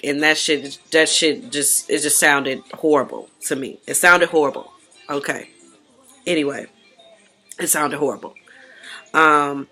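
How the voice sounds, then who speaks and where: A woman's voice: deep voice, pushed and bright. A woman recapping a reality show in casual, blunt, profane slang. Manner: blunt, profane, slangy gossip with acted-out quotes.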